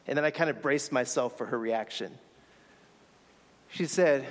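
A man's voice: medium pitch, unhurried, long pauses, long reverb tail. A man telling a personal story in a sermon, earnest and reflective, sometimes restarting his words. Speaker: speaker sharing a faith story.

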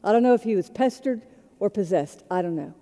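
A woman pastor preaching a sermon in a conversational storytelling way, moving between quiet and loud moments. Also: mid-range voice, lively intonation, a little fast, in a large hall.

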